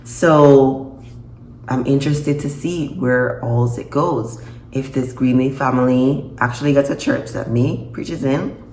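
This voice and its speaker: A woman reviewing a TV episode in a casual vlog, expressive and quick to laugh and gasp. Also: rumbling low. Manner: expressive, reacts with laughs and gasps. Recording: echoey room, faint noise.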